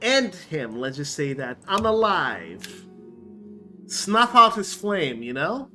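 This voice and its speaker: A man streaming a game, chatting casually and jokingly, often halting with fillers. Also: on the high side, sing-song, pushed and bright, faint music behind, rough recording.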